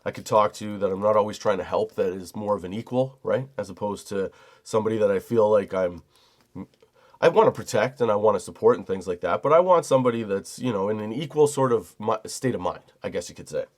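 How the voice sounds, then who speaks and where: Podcast host, middle-aged man, low-pitched, profane heated storyteller. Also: fairly quick. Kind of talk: storytelling monologue.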